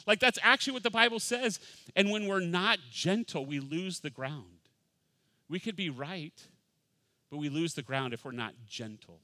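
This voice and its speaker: A middle-aged male pastor preaches with a bright, forceful edge to his voice. He is animated, jumping into playful voices and then sinking to a quiet hush. The sound is dry and close, with little room echo. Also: on the high side, moderate pace. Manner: animated, acts out voices, swings from loud to hushed. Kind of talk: sermon.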